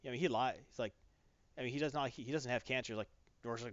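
A man in casual chat, animatedly retelling a comic plot and slipping into quick character voices. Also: mid-range voice, dry recording, muffled recording.

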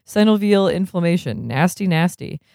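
A reader voicing a brisk, cheerful male hospital doctor in a clipped way, without putting on an accent. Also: medium pitch, lively intonation, creaky, a little mellow, no room sound, studio quality.

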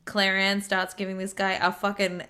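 A woman's voice: mid-range voice, completely flat delivery, normal speed, sharp tone. A young woman with an Australian accent co-hosting a podcast, recapping a show in a rambling, chatty way. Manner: rambling, recaps the plot with lots of fillers. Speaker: podcast co-host. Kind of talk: casual chat.

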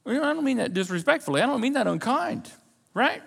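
A man's voice: very high-pitched, animated, fast, creaky, a bit bright, husky, in a large hall. A man preaching a sermon as a pastor, talking conversationally with repetitions and asides to the congregation. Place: church sanctuary.

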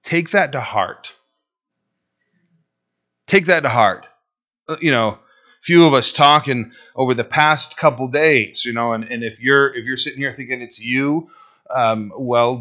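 A male pastor preaching a sermon, swinging between loud and hushed delivery and acting out quotes. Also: mid-range voice, dull audio.

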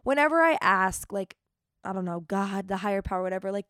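A young woman hosting a podcast, telling stories in an animated, chatty way, with dramatic retellings. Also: mid-range voice, brisk, no room sound. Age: young adult. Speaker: podcast host. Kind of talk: casual storytelling monologue.

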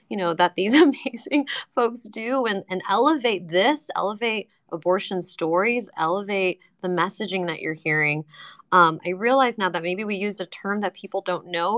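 A woman moderating a panel discussion, quick to step in and redirect questions. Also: fairly low pitch, a bit bright.

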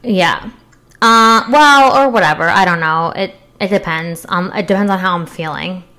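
Young female co-host, loose filler-heavy banter, slightly low voice. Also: moderate pace, pushed and bright. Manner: chatty, filler-heavy, frank and joking. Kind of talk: casual crude chat.

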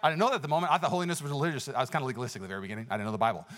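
A male pastor preaching a sermon, telling personal stories with energetic exclamations and a conversational, filler-heavy delivery. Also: medium pitch, very fast. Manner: conversational with many fillers and restarts.

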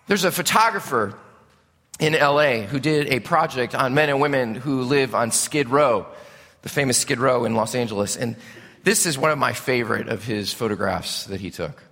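A middle-aged male pastor preaching a sermon in an animated, conversational way, asking his congregation questions. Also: mid-range voice, normal speed. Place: church sanctuary. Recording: long hall reverb.

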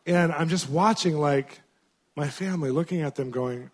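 A man preaching in an animated storytelling way, swinging between excited and hushed. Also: on the high side, normal speed. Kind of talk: storytelling sermon.

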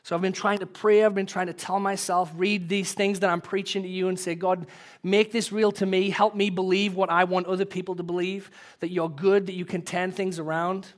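A man preaching a sermon as pastor, earnest and emotional, swelling louder and then dropping soft, ending in prayer. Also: sits high, level tone, brisk.

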